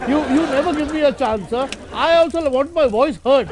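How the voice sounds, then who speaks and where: A timid debate panelist who keeps asking to be heard. He stammers quickly at a very high pitch. Crowd sound and loud background noise surround him. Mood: pleading. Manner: stammering, pleading. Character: meek male panelist begging to speak.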